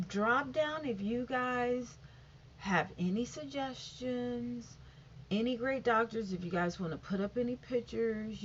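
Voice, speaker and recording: A woman chatting casually to her viewers, rambling and often saying "you know". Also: a little high. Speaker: vlogger. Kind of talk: casual chat to camera. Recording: dull lo-fi sound with faint noise.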